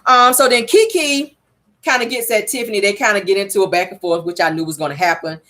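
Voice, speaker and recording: A woman recapping a reality show episode in a sassy, animated, gossipy way. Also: mid-range voice, quick pace. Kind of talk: casual recap commentary.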